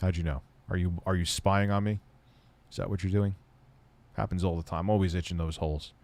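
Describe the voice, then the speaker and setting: A man's voice: sits low, level tone, brisk, darkish tone. A man answering viewer questions on a casual live stream, blunt and rambling, often heated and swearing.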